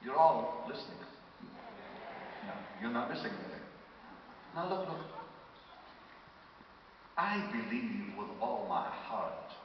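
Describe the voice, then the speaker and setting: A man preaching a sermon with a dramatic delivery, drawing out words for emphasis and rising to loud declarations, recorded from a distance in a large auditorium. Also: mid-range voice, highs cut off. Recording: distant echoey hall with noise.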